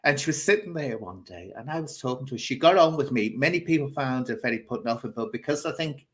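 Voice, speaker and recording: A man's voice: medium pitch, expressive, fast talker. A man hosting a casual chat show, telling an anecdote in a theatrical, chatty way and laughing as he goes. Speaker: host.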